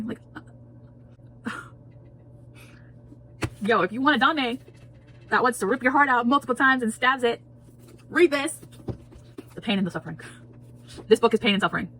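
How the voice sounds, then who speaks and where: A book reviewer gives a casual talk full of spoilers, speaking emphatically, repeating phrases, and laughing a lot. Her voice is a little high and a bit bright, with slight background noise.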